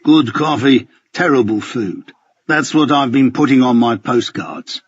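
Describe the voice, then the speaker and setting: A man's voice: mid-range voice, lively intonation, measured pace, husky, no room sound, muffled recording. A man voicing a suave, ironic male spy handler in an audiobook, mock-formal and dryly polite. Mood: wry. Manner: mock-formal and dryly polite, calls others sir and master. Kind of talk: audiobook character voice.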